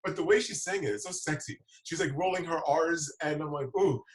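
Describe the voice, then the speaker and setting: A man with a slightly high voice tells stories on a casual livestream, laughing through them and acting out the funny bits. He sits back from the mic in a roomy, echoing space. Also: brisk, recorded from a distance. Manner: laughs through his stories, animated retelling. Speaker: show host.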